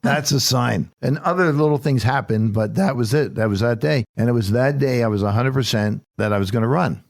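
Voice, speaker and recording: A man's voice: medium pitch, a little fast, creaky, no room sound, studio quality. An older man, a political candidate, talking as a guest in a casual interview and telling folksy, emphatic stories.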